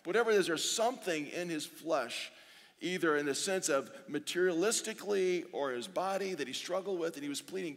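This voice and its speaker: A man preaching a sermon as pastor, earnest, slowing down to read scripture and repeating pleading phrases. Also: on the high side, animated. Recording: long reverb of a large hall.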